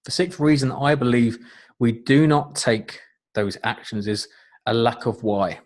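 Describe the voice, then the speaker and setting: A man's voice: medium pitch, measured pace, darkish tone. A middle-aged man, a life coach, giving an earnest, encouraging webinar talk with frequent fillers. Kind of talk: webinar presentation.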